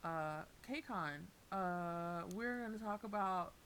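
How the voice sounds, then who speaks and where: A woman's voice: lowish voice, slow pace, fairly bright tone, slight background noise, rough recording. A young woman co-hosting a casual podcast, telling a story in a rambling, hesitant way with lots of fillers. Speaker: podcast co-host.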